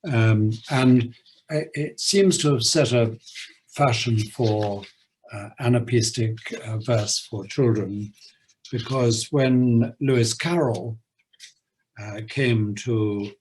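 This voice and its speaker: A man lecturing on poetry at a university, hesitant, with many filler pauses. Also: medium pitch, a little mellow, slight background noise, poor audio. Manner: reads verse aloud in a measured rhythm.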